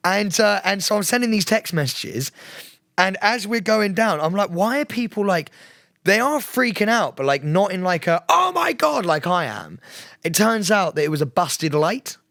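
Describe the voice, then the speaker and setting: A lively young British man with a bright, high-ish voice, full of laughter as he spins a story on a podcast. His pitch leaps all over the place, and the sound is close and dry. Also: moderate pace, no room sound. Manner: animated, laughs often, acts out quotes. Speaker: podcast co-host. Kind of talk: casual storytelling chat.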